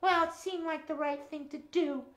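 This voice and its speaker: A man voicing a sweet, chatty young girl rabbit in a children's puppet show, telling her story slowly and earnestly. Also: steady tone, fairly bright tone, slight background noise. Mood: gentle. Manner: high squeaky puppet voice, slow storytelling. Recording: roomy room echo.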